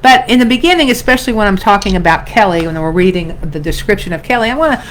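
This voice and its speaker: A woman's voice: mid-range voice, expressive, fast talker, slight background noise. A middle-aged woman acting coach teaching an online class in a chatty, self-interrupting way, calling her viewers "you guys" and "darling".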